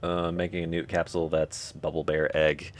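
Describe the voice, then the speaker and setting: A man's voice: rumbling low, monotone, moderate pace, slight background noise. A man live-streaming a game, joking and thinking aloud as he answers chat. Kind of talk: casual live-stream chat while playing.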